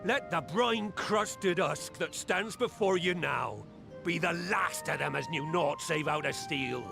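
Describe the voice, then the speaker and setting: An actor playing a weathered old male pirate captain who scolds and rallies his crew in gruff pirate speech for a game cutscene. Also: on the high side, measured pace. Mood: rousing. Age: older. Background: game music.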